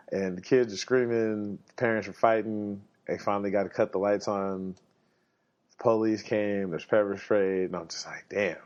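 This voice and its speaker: Low-voiced guy rambling and cussing on his podcast, kinda sick, muffled lo-fi sound. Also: fairly even intonation, unhurried, a little mellow. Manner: profane, rambling, laughs often. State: under the weather, coughing. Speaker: podcast host. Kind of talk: casual storytelling monologue. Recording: dull lo-fi recording.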